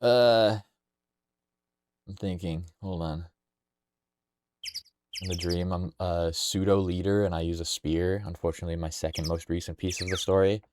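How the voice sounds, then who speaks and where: A man's voice: low voice, steady tone, normal speed, long pauses. A young man casually streaming a game, rambling playfully and reading lines aloud. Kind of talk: casual game-playing commentary. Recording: noisy home stream mic.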